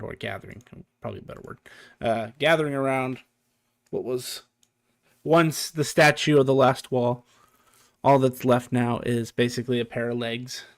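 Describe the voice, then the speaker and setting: A man running a tabletop game as game master, describing the scene while thinking aloud, with frequent fillers and restarts. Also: mid-range voice.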